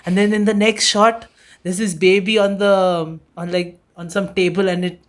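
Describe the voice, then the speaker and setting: Casual podcast co-host in their twenties, middle pitch, blunt and foul-mouthed. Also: flat delivery, moderate pace. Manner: blunt, swears a lot, bursts into laughing shrieks. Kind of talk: casual chat.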